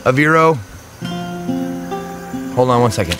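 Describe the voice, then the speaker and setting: A man's voice: mid-range voice, animated, a little slow, loud music behind the voice. Chatty male game streamer. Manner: rambling, chatty, swears freely. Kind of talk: casual live-stream chat.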